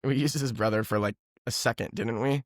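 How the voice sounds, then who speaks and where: A man's voice: mid-range voice, a little fast, dry recording, studio quality. A man co-hosting a movie podcast, rambling in a casual chat and laughing often. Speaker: podcast co-host.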